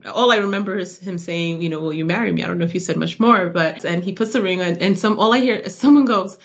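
A woman's voice: lowish voice, fast talker. Woman guest telling a story with feeling. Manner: animated, emotional retelling with laughs. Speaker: interview guest. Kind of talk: casual storytelling.

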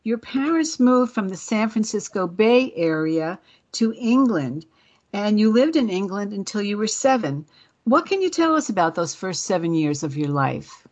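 A woman hosting a radio interview show, asking her guest questions in a measured, friendly way. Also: mid-range voice, very animated, darkish tone. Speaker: radio host.

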